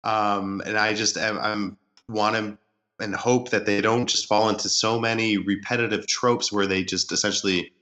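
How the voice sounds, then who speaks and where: A man co-hosting a movie podcast who works as a screenwriter and thinks out loud in long, earnest explanations. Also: lowish voice, level tone, moderate pace. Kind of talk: casual movie chat.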